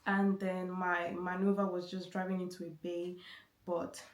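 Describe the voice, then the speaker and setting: A woman's voice: lowish voice, little pitch movement, measured pace. A woman vlogger telling a story in casual chat, with many restarts and repeated words. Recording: roomy echo.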